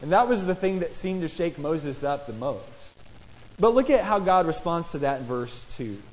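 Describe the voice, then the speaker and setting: Man, preacher, sermon, fairly high voice, conversational, rhetorical questions, long hall reverb. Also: expressive, normal speed. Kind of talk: sermon with scripture reading.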